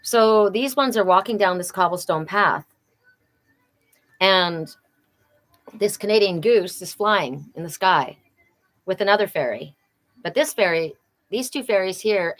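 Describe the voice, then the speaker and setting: A middle-aged woman doing a live oracle card reading, talking earnestly and repeating phrases for emphasis. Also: lowish voice.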